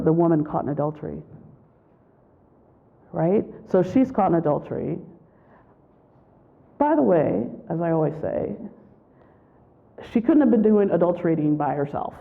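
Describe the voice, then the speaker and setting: A woman gives a spiritual retreat talk, with a slightly gravelly voice. She tells her stories in an animated way and acts out what people said. The sound is thin and tinny, like it came over a phone line. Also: lowish voice, normal speed, pauses often. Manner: animated storytelling, acts out quotes. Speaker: retreat speaker.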